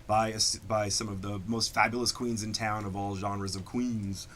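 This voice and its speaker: A man's voice: on the low side, flat delivery, normal speed, fairly bright tone, a little hiss or hum. A man who performs and produces drag shows, chatting enthusiastically in an interview. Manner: enthusiastic, campy. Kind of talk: casual interview chat.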